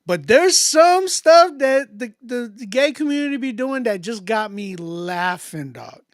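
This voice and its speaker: A man with a very high, expressive voice hosts a live music critique stream at a measured pace. He chats in a loose, slangy manner with lots of laughs and restarts, and the sound is dry and clean, like a studio.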